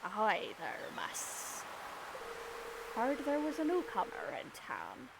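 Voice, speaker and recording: A woman voicing a gruff old male fisherman in a slow, drawling pirate lilt, with game music behind. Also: a little high, huge pitch swings, noisy background, full character voice. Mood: hearty.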